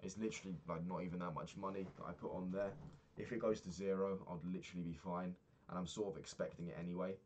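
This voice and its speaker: In a casual diary vlog, a man rambles through his week, swearing freely as he rants. His low voice is a little mellow, with fairly even intonation, and he talks fast with hardly any pauses. There's a slight hiss or hum in the recording.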